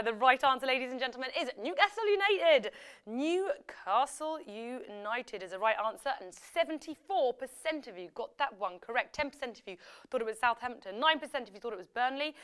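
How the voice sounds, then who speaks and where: A woman's voice: a little high, fairly bright tone, clean tone. A woman hosting a live quiz show, chatty and upbeat, reading out questions and results and ad-libbing with fillers and self-corrections. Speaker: quiz host.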